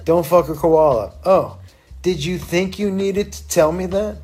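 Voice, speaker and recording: A man's voice: sits high, unhurried, a little mellow, breathy edge, soft background music. Stoned man rambling, swearing. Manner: profane, rambling, tangents. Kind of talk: rambling recorded commentary.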